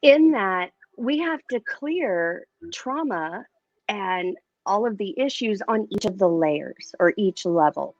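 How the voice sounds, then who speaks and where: A woman speaking as an interview guest and metaphysician, telling her story in a candid, expressive way. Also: mid-range voice, slow pace, no room sound, muffled recording. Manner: candid and expressive, lively retelling.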